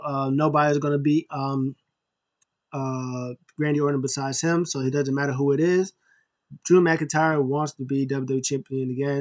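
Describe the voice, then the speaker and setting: A host talking through a casual recap at an ordinary, middling pitch. The delivery rambles and is full of fillers and false starts. Quotes get acted out in jumpy put-on voices. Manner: rambling, many fillers and restarts. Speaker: show host.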